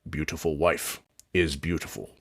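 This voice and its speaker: A man's voice: extremely low pitch, little pitch movement, gravelly, a bit bright, no echo, clean studio sound, pitched below the performer's own voice, full character voice. A man voicing a very old male orc elder of few words who mumbles and halts. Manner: mumbling, halting.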